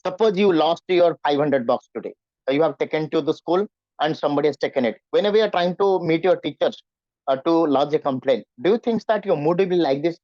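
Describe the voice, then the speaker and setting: A man's voice: on the high side, fast, no room sound, muffled recording. A man teaching in an online class, often asking his students questions. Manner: repetitive, questioning students, acts out nervous voices. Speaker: English teacher.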